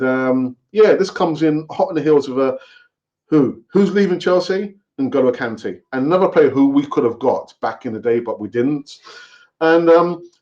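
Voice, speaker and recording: Animated football fan, lo-fi sound. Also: male voice, mid-range voice. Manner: animated, repetitive, conversational rambling. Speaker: football fan channel host. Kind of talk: casual live-stream commentary.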